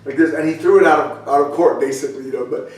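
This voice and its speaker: A man's voice: fairly high pitch, quick pace, far from the mic. An older man preaching a conversational sermon, telling stories with chatty asides and restarts. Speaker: pastor. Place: church sanctuary, echoey room. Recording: echoey room, voice from off-mic.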